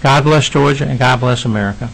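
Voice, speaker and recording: Man, middle-aged, witness testimony, earnest, emotional, some halting restarts, mid-pitched voice. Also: gravelly, a bit bright, a little hiss or hum, low-quality recording. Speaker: citizen witness at a legislative hearing. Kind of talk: reading prepared testimony.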